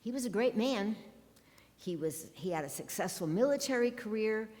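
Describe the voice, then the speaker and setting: A woman's voice: medium pitch, animated, normal speed, a little mellow. A woman pastor preaching a sermon from the pulpit, with wry, sarcastic asides. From Ohio. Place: church sanctuary. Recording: long church reverb.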